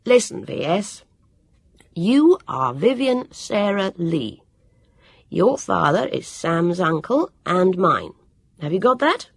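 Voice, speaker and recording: A woman reading aloud, voicing a clever boy who explains his plans in a brisk, lordly way. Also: on the low side, very animated, breathy edge, no room sound, studio quality, pitched above the performer's own voice, heavily acted. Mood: excited.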